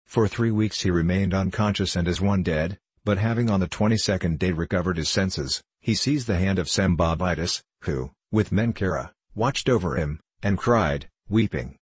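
Deep, husky male audiobook narrator. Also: normal speed, few pauses, dry recording, poor audio. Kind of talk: scripted narration.

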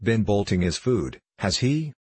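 A man voicing a sharp-tempered, scolding older sister in a storybook reading. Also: lowish voice, big pitch swings, unhurried, breathy edge, no echo, heavily acted.

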